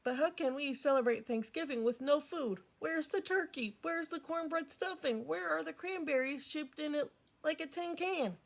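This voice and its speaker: A woman reading aloud and voicing a brash, bossy tomboy girl from a storybook in a high, emphatic voice. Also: normal speed, creaky. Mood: eager.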